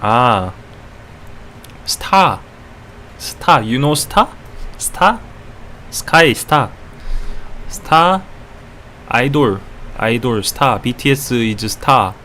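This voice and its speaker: A man putting on a man with a strong Korean accent speaking broken English, halting and full of "uh"s during a casual live stream. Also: mid-range voice, animated, bright, forceful tone, a little hiss or hum, heavily acted. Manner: halting, simple words, lots of uh.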